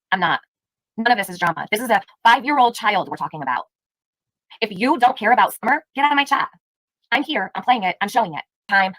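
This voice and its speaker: A woman's voice: medium pitch, a bit bright, no echo, poor audio. A woman hosting a live stream, giving heated, indignant commentary and firing rhetorical questions at her chat. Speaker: livestream host.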